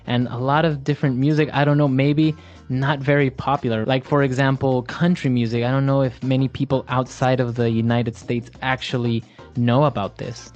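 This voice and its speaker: A man's voice: mid-range voice, little pitch movement, moderate pace, a little mellow, dull audio, faint music behind. A man hosting a language lesson, chatting casually, asking questions and laughing easily. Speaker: host.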